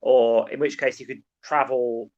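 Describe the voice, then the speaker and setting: A man's voice: medium pitch, fairly even intonation, a little slow, darkish tone. A man co-hosting a podcast, musing earnestly on philosophy with frequent restarts. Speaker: podcast co-host. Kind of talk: casual philosophical chat. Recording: dull lo-fi mic.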